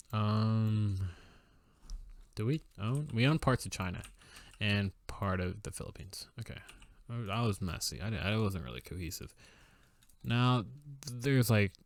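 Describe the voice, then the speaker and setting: A young man with a low, gravelly voice talks through his strategy game at the computer. He muses aloud, full of fillers and wry little asides. The sound is close and dry, with no room around it. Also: dry recording. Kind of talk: casual gameplay commentary.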